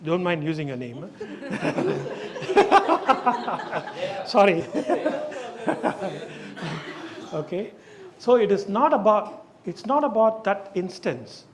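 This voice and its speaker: A man leading an awareness session, lecturing emphatically and asking his audience questions. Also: sits high.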